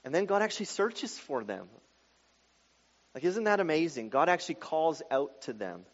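A man preaching a sermon, moving between quiet explanation and loud, emphatic passages. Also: fairly high pitch, very animated, normal speed. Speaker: pastor. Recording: dull sound with long hall reverb.

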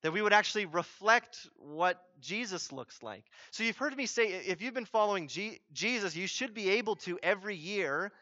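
A man's voice: high-pitched, expressive, normal speed, hardly any pauses, pushed and bright, no room sound, muffled recording. A man preaching a sermon as pastor, conversational and emphatic, acting out what people say.

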